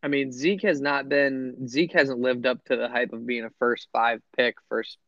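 A man trades casual fantasy football banter, animated and sarcastic, and swears freely. His voice is dry and close, with slightly dull, muffled audio. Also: mid-range voice, normal speed, no room sound. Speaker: podcast co-host.

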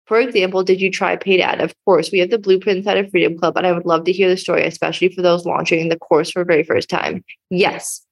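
A woman's voice: lowish voice, flat delivery, fast talker, gravelly, hardly any pauses. A young woman hosting her own podcast, talking in a bubbly, effusive, casual way with lots of "like" as a business coach.

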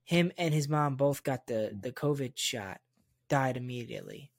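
A man's voice: mid-range voice, expressive, moderate pace, creaky, no room sound, clean studio sound. A man casually telling a story in a chat, wry and profane, full of fillers.

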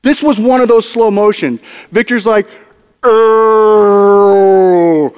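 A man's voice: sits high, normal speed. A man preaching in a church, telling a story with comic energy and acting out the voices of the people in it. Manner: animated, comic storytelling with acted-out quotes. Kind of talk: storytelling sermon. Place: church hall. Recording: long hall reverb.

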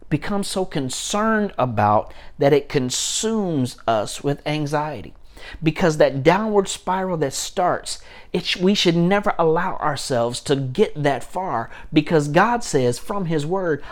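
A man, a pastor, preaching a sermon with emphatic repetition and frequent restarts. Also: on the high side.

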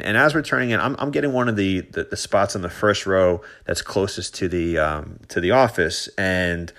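Low-voiced man ranting on a podcast. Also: a bit bright. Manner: rambling, frequent restarts and fillers, gets heated. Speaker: podcast host. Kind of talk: casual sports podcast monologue.

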